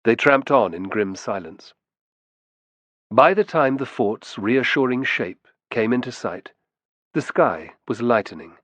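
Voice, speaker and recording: A man reading an audiobook in a steady, measured storytelling manner on a close studio mic. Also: medium pitch, no room sound. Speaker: audiobook narrator. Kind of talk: scripted narration.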